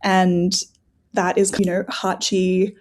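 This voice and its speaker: A woman's voice: lowish voice, takes it slowly. A woman guest on a podcast, telling stories with animation and frequent "like" fillers. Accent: non-American English. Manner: animated storyteller, laughs often, filler "like". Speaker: guest scholar. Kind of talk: casual conversational interview.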